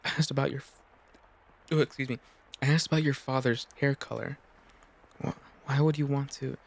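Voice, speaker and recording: A man's voice: mid-range voice, fairly even intonation, normal speed, gravelly. A man voicing a frightened fourteen-year-old noble girl, anxious and scolding herself. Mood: probing.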